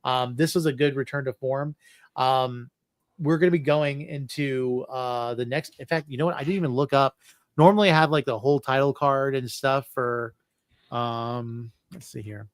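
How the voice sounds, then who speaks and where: A man's voice: mid-range voice, moderate pace, no room sound. A man in his thirties hosting a casual fan podcast, rambling with many restarts and fillers. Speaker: podcast host. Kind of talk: casual chat.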